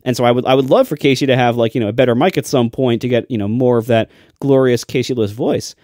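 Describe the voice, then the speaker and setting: Podcast co-host, male, chatty and animated, recorded dry and close. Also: medium pitch, no room sound. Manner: fast, animated explaining with many fillers. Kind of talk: casual tech chat.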